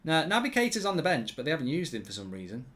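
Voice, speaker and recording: A man's voice: on the high side, wildly swooping pitch, fast, a bit bright. A man hosting a live football watchalong, chatting with viewers in a rambling, conversational way. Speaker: host.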